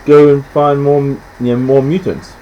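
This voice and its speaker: A man in casual film chat, rambling and halting, often stopping to restart, acting out scenes in quick quoted voices. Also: mid-range voice, level tone, dull audio, a little hiss or hum. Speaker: podcast host.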